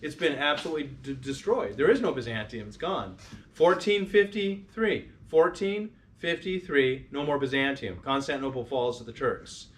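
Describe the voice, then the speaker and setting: A man's voice: medium pitch, expressive, fairly quick, few pauses, a bit bright. A man giving an informal history lecture to a parish group, talking conversationally with restarts and questions to the listeners. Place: parish hall or church.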